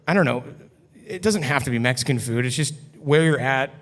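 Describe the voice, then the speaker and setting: A man's voice: mid-range voice, fairly quick, a bit bright. A man who is a podcast guest, telling a story in a loose, cursing, casual way full of "like". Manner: loose and profane, heavy use of "like". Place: brewery taproom. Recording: long hall reverb.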